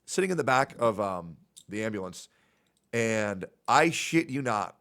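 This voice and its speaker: A man's voice: fairly low pitch, expressive, unhurried, creaky, fairly bright tone. A man on a livestream telling a personal story in a rambling way, acting out the lines of the people in it. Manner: rambling anecdote, acting out quoted dialogue.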